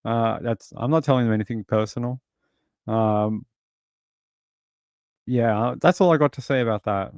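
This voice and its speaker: A man's voice: mid-range voice, normal speed, pauses often, darkish tone, no room sound. Rambling Australian man, dry sound. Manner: rambling, chatty storytelling. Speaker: livestream host. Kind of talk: casual chat answering viewers.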